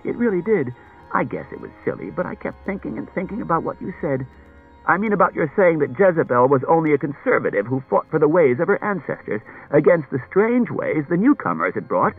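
A talkative, fretful wife who wanders all around her story, her voice lifted high and swinging up and down, as a male reader puts her on. The recording is dull and lo-fi, with faint music behind. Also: big pitch swings, a little fast, slightly rough, exaggerated voice. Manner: rambling, circuitous storytelling. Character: chatty anxious wife, adult woman.

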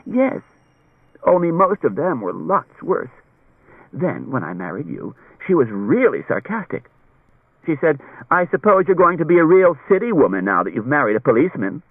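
Guy doing a nervous chatty wife, high lively voice, goes round and round her story. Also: moderate pace, husky, no echo, exaggerated voice. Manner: rambling, circuitous storytelling. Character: chatty anxious wife, adult woman. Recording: dull lo-fi audiobook recording.

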